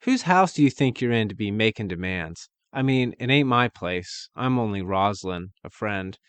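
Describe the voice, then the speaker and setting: Man voicing a brash young woman, sassy, loud, raised pitch. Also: animated, moderate pace, clean tone, no room sound.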